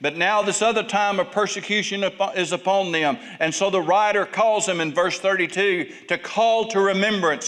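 Male pastor, middle-aged, fairly high voice, preaching, storytelling with swings in pitch and volume. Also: moderate pace, hardly any pauses, fairly bright tone. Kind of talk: sermon.

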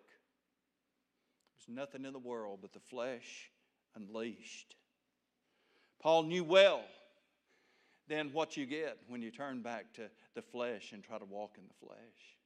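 Here a middle-aged man gives a sermon as a pastor, homespun in tone, letting his delivery fall into soft murmured asides before rising into forceful, loud emphasis.

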